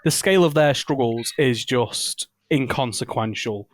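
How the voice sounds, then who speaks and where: Guy co-hosting a podcast, jokey, rambly, laughs a lot, dry close sound, middle pitch. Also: moderate pace, no echo. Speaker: podcast co-host. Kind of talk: casual chat.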